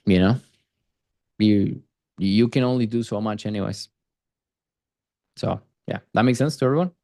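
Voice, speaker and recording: A man's voice: fairly low pitch, normal speed, darkish tone, dry recording, clean studio sound. A man coaching a group on sales calls in a casual, conversational way, often acting out what he would say to a prospect. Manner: conversational, repetitive fillers, acts out sales call lines. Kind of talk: live coaching session.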